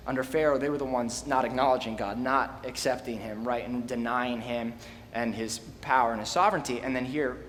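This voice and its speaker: A young man preaching a relaxed, slangy, conversational sermon in a church and reading scripture aloud. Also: mid-range voice, a little fast. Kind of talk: casual sermon. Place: church hall. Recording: long hall reverb, faint room noise.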